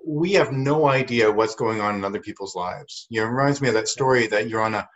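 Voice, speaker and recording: A man's voice: fairly low pitch, fast talker, a bit bright. A man co-hosting a podcast, telling a story in an earnest, reflective way. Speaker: podcast co-host. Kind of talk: casual conversation, storytelling. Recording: dull lo-fi sound.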